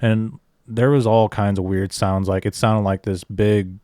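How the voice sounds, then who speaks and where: A man hosting an interview podcast, telling his own field stories in a steady, even way. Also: on the low side, unhurried, dry recording, clean studio sound. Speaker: podcast host. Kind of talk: casual interview chat.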